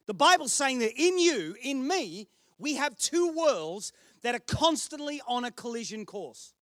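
Male pastor, Australian accent, very high voice, story-driven sermon with self-mocking jokes. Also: big pitch swings, a little slow, fairly bright tone, no echo, studio quality. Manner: chatty storytelling with self-deprecating humour.

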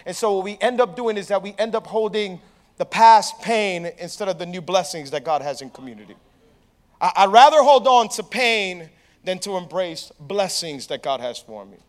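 A young adult man giving a sermon as pastor, telling a story with animated asides and questions to the congregation. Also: high-pitched, normal speed.

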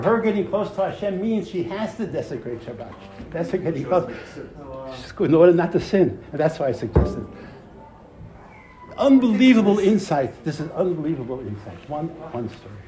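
A man giving a Torah class to a live audience, telling a story with lively emphasis, repeating phrases and using Hebrew terms. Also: mid-range voice, poor audio.

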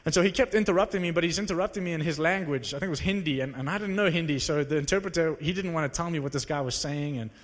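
A preacher man telling stories from the pulpit with a slightly high voice. He acts out the dialogue with animated energy, and his voice rings with the long reverb of a big hall. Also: very fast, few pauses. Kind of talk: sermon with storytelling.

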